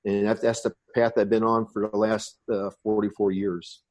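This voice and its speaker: A man in his sixties from the United States speaks with a lowish voice. He talks in a relaxed, rambling way as a podcast guest, wandering from one memory to the next. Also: moderate pace. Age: 60s. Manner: rambling reminiscing storyteller. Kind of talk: casual interview.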